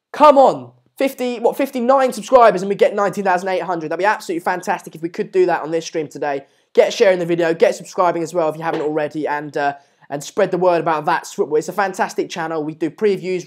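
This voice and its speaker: A live-stream host with a fairly high voice talks fast and steadily during a live match watchalong, rambling loosely with many fillers and restarts. Between comments on the play, he keeps urging viewers to subscribe.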